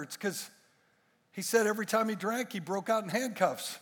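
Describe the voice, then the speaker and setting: A man's voice: sits high, normal speed, fairly bright tone, long reverb tail. A male pastor delivering a sermon to a congregation, emphatic and full of rhetorical questions and jokes. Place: church stage before a congregation.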